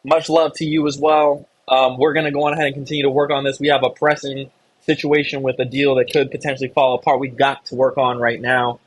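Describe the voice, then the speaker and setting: A man's voice: mid-range voice, flat delivery, brisk, low-quality recording. Encouraging man hosting a live call. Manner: encouraging, coaching, addresses the audience directly. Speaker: host of a real estate investor community call. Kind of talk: live online meeting, coaching and encouragement.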